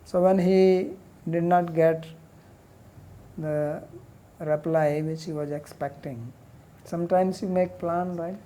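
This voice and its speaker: A woman teaching a lecture on a Sanskrit commentary, reading verses quickly and then explaining them in plain, conversational English. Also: lowish voice, steady tone, warm tone. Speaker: teacher of scripture.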